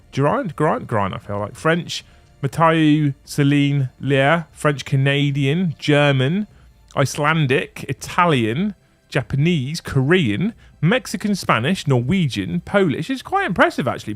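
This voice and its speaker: A man's voice: mid-range voice, no echo. Chatty male streamer, dry close sound. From England. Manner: rambling, chatty, reads out lists and chat messages. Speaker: livestream host. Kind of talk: casual livestream chat.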